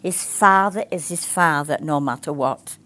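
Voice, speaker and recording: A woman's voice: deep voice, unhurried, bright, forceful tone. An older woman, teaching a sermon in a chatty way and acting out the voices she quotes. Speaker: ministry teacher.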